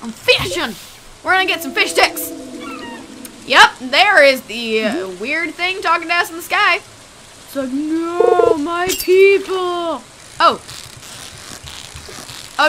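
A woman's voice: high-pitched, noisy background. A young woman giving goofy, chatty let's play commentary, full of exclamations. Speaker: gamer.

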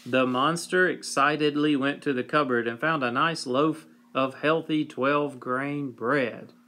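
A man reading a whimsical children's story aloud with a slow, wry delivery, sometimes clearing his throat. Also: medium pitch, fairly even intonation, sharp tone.

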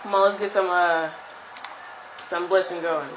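A woman giving live commentary while playing a football video game, trash-talking her opponent and breaking into sudden high shouts. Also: fairly even intonation, a little slow, lo-fi sound, a crowd in the background.

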